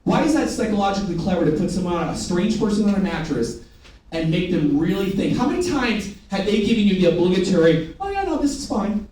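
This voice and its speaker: Heard from afar in an echoey room with faint ambient sound, a man runs a sales training session, drilling the crowd through commanding call and response. His voice sits high and has a darkish tone, and he talks fast.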